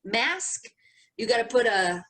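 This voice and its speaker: Woman from mexico cohosting a podcast, kinda high voice, laughs and swears a lot. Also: moderate pace, a bit bright. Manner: laughs often, swears freely. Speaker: podcast co-host. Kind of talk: casual chat.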